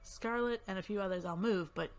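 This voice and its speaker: A woman's voice: medium pitch, fairly quick, slight background noise. Chatty woman hosting a game playthrough. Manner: chatty, upbeat, rambling with frequent coughs. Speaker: let's play host. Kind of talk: casual gameplay commentary. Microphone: desk microphone.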